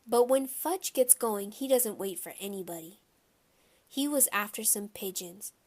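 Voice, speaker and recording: A woman reading a children's novel aloud in a plain, steady storytelling manner. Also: mid-range voice, measured pace. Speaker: audiobook reader.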